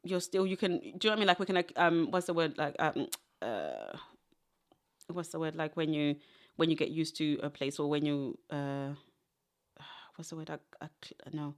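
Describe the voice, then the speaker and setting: A woman's voice: low voice, lively intonation, normal speed, smooth. A young adult woman from Zimbabwe, a podcast guest, chatting casually and wandering through stories with frequent laughter. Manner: tangential storytelling, laughs often. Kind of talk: casual interview chat.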